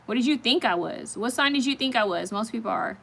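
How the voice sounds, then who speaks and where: A woman's voice: fairly high pitch, animated, fairly quick, gravelly, fairly bright tone. A woman hosting a casual live stream, chatting straight to her viewers and reacting to their comments as they come in.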